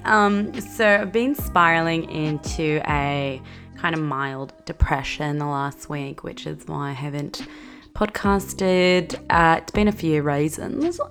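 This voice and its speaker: A young Australian woman with a low voice hosts her own podcast, venting in a blunt, sweary, sarcastic rant. Faint music hums behind her. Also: fairly bright tone. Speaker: podcast host. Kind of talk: ranting solo podcast monologue.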